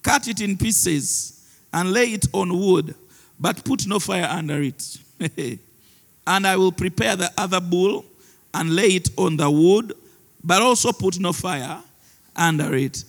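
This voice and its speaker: A male pastor preaches slowly in a high, gravelly voice. He breaks into laughter often and slips Luganda phrases into his sermon. His voice rings out with the long reverb of a large church hall.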